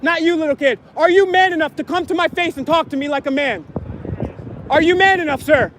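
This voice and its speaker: A man filming on his phone outdoors, loudly heckling and taunting officials with repeated insults. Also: very high-pitched, a little fast, slight background noise. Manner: mocking, repetitive insults. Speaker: YouTube auditor filming officials. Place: outdoors at a public event. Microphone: handheld phone camera.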